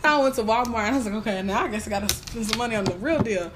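Speaking rapid-fire in a voice on the high side, a young female guest tells her story with lots of animation, mimicking other people's words. The background is noisy.

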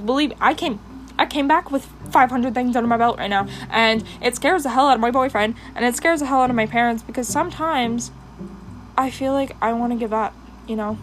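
A woman's voice: on the high side, fairly quick, slight background noise, low-quality recording. A young woman hosting a personal podcast, talking with passion and rambling with many fillers while doing her makeup. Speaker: podcast host.

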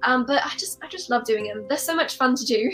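A woman's voice: high voice, fairly bright tone, soft background music, rough recording. A young woman, an actress and voiceover artist, answering interview questions in a bubbly, earnest way over a video call. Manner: bubbly, earnest, quick to laugh.

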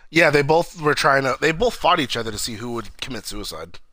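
A man's voice: medium pitch, expressive, a little fast, sharp tone, no echo. A man chatting casually about a movie, crude and profane, acting out lines from scenes. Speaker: podcast co-host. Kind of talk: casual movie review chat.

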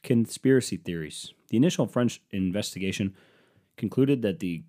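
Low-voiced sarcastic man riffing. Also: lively intonation, normal speed, dark tone. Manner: sarcastic and profane, mocking asides. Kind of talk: rambling comic monologue.

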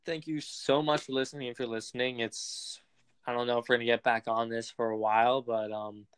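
A young man co-hosting a podcast, chatting casually and excitedly about a basketball game, slangy and swearing freely. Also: medium pitch, fairly quick, clean tone. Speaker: podcast co-host. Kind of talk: casual sports chat.

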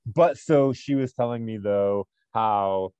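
Earnest low-voiced male podcast co-host. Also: takes it slowly, a little mellow, smooth, no echo, highs cut off. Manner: earnest, motivational storytelling. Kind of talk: casual podcast chat.

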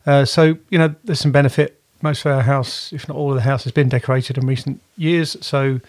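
Guy rambling on his podcast from home, mid-pitch, dry sound, keeps fixing his words. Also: steady tone, a little fast, darkish tone, no room sound. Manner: rambling, self-correcting. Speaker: podcast co-host. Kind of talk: casual chat.

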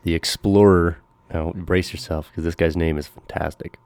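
A man's voice: low-pitched, steady tone, a little mellow, no room sound. A man chatting casually as a podcast co-host, trading profane jokes about history. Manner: profane, joking, quick history asides with silly voices. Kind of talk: casual chat.

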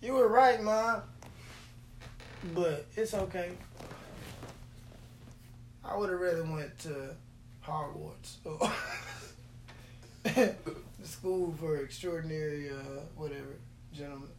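A voice rambling through a casual monologue with plenty of swearing and frequent laughter. The delivery is slow and unhurried, with a mid-range pitch. It is recorded in a roomy, echoey space with a faint hum underneath. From Texas. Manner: profane, jokey, laughs often between lines.

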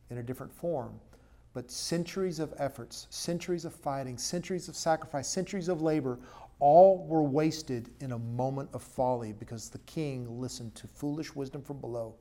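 A male pastor preaching a sermon at a church service and then leading a prayer. He talks emphatically, pushing his voice up for stress, dropping to an earnest hush, and putting questions to the congregation. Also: medium pitch, normal speed.

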